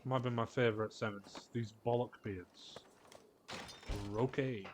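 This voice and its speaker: A man's voice: medium pitch, steady tone, a little slow, a little hiss or hum. A man giving jokey commentary while he plays a video game, muttering asides. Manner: jokey, mutters asides and puts on silly voices. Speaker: streamer. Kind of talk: casual gameplay commentary.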